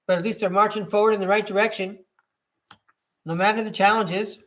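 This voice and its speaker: A man's voice: high voice, fairly even intonation, fairly quick, a bit bright, a little hiss or hum. A man hosting a live-streamed tarot reading, chatting easily with viewers and reading card keywords aloud one by one. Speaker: tarot reader and livestream host.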